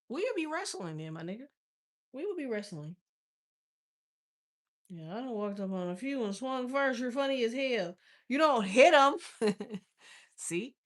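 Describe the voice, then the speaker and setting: Higher-voiced woman, blunt casual chatter. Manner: blunt, profane, animated storytelling with frequent laughs. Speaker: tarot reader chatting with viewers. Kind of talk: casual live-stream chat.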